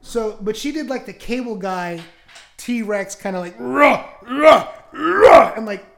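Profane, animated male storyteller. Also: high-pitched, moderate pace, slight background noise. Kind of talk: casual storytelling chat.

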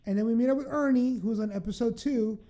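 Profane, animated woman storyteller. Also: on the high side, fast talker, a little hiss or hum. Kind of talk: casual storytelling chat.

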